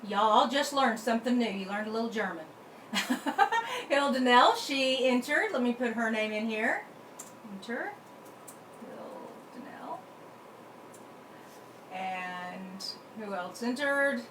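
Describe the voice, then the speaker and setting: Woman, chatty live-stream host, slightly high voice, echoey room, faint noise. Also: expressive, takes it slowly, long pauses, fairly bright tone. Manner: chatty, talks to herself while working the computer. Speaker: card-making channel host. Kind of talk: casual live stream chat.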